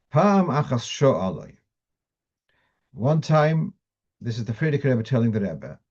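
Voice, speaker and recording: A man's voice: mid-range voice, mellow, lo-fi sound. A man teaching a class on Jewish law, explaining step by step with restarts and fillers, mixing Hebrew and Yiddish terms into English. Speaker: Torah teacher.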